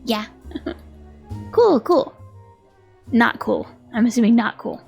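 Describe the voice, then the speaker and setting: A woman's voice: a little high, fairly even intonation, moderate pace, vocal fry, a little mellow, husky, faint music behind. A woman from Minnesota streaming a detective video game, reading its dialogue aloud with playful, giggly commentary. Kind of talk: casual let's-play commentary.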